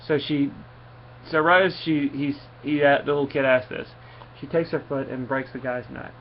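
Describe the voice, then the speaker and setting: A man talks through a comic book in a loose, halting way, stumbling and restarting as he goes. His voice sits in an ordinary middle register. The recording is dull and lo-fi, with a faint hiss of ambience behind it. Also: mid-range voice, level tone. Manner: rambling, halting, with many restarts and fillers. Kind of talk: casual comic review, reading panels aloud.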